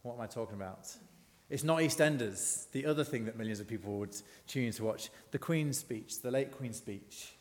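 A man's voice: mid-range voice, normal speed, few pauses, long reverb tail. A man giving a conversational sermon, asking the congregation questions as he goes. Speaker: preacher. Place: church.

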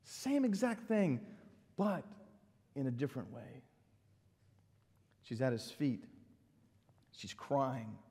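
A middle-aged man, a pastor preaching a sermon in an animated, conversational way with asides. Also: mid-range voice, takes it slowly, long pauses, long reverb tail.

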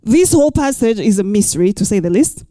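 A middle-aged woman pastor preaching a sermon and reading scripture, expressive, with playful asides and rhetorical questions. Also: mid-range voice, fast, dry recording.

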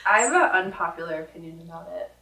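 A woman's voice: on the low side, animated, fast talker, sharp tone. A young woman talks casually as a podcast guest, her stories full of little fillers. She sounds set back from the mic in a roomy, echoing space. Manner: chatty, storytelling with lots of fillers. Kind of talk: casual chat. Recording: roomy echo, heard from a distance.

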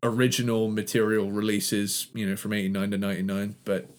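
A man's voice: lowish voice, level tone, fairly quick. A man co-hosting a podcast, chatting casually about albums, laughing often and restarting his sentences. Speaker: podcast co-host.

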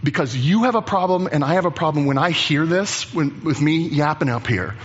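A man preaching a sermon as pastor, animated and chatty, acting out the voices of Bible figures. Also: on the high side, a little fast, husky, muffled recording.

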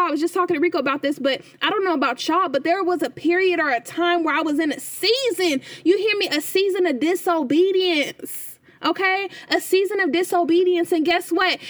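A woman's voice: very high-pitched, a bit bright. A woman reading scripture and then preaching informally. She speaks with emphasis and keeps repeating her key phrases back to the listeners. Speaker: devotional speaker.

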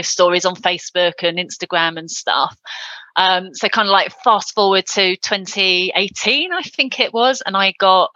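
A woman's voice: mid-range voice, bright, forceful tone, dry recording, muffled recording. A middle-aged woman chatting casually as a podcast guest, with lots of ums and easy laughs. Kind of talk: casual interview chat.

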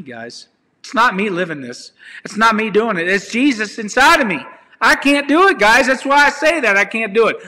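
Casting: raw, confessional man preacher, bright forceful voice, long reverb. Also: sits high. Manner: earnest, raw and confessional, talks straight to viewers. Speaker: online preacher. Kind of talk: informal testimony and preaching.

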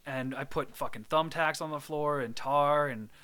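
A man's voice: on the high side, normal speed, sharp tone, smooth. A young man co-hosting a podcast, joking crudely and sarcastically in casual chat. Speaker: podcast co-host.

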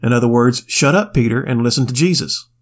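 A man's voice: mid-range voice, a little fast. A man co-hosting a Bible podcast, giving casual commentary with wry, plainspoken asides. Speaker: podcast co-host.

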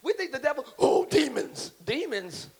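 A man preaching a live church sermon, swinging from quiet asides into shouting, calling on the congregation to repeat after him and joking with them. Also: very high voice, very animated, moderate pace, a crowd in the background. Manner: preaches with rising shouts and audience call-and-response. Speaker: pastor. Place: large church hall with congregation.

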